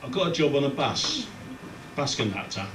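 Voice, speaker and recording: Comedian on a distant, roomy stage. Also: male voice, mid-range voice, sing-song. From London's East End. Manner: brisk punchline delivery in short clipped phrases. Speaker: stand-up comedian. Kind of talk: stand-up comedy routine. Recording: roomy, distant live club recording with background noise.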